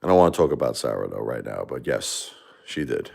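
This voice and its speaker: Brief: middle-aged man, very low voice, rambling and heartfelt, hosting his own livestream. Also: sing-song, brisk, creaky, darkish tone. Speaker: livestream host. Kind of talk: casual livestream talk.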